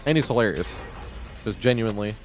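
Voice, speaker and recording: A man's voice: lowish voice, lively intonation, a little fast, soft background music. A man live-streaming a game, chatting casually in a rambling, profane way, chuckling often. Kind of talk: casual live-stream chat while gaming.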